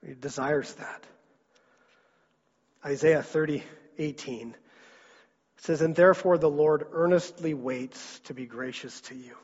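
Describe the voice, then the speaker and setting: A man preaching in a church hall, his slightly husky voice carrying a long reverb off the walls. He talks in an earnest way, doubling words as he presses a point. The sound is dull and lo-fi. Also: medium pitch, a little mellow. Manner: earnest, repeats words when stressing a point. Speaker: pastor. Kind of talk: sermon.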